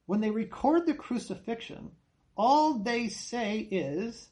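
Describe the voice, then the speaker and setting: A man's voice: very high-pitched, animated, slow pace, a little mellow. A man giving a Bible class, reading scripture aloud and stressing key phrases with earnest repetition. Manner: reads scripture aloud with emphatic, rising voice on quoted cries; earnest, repeats phrases for emphasis.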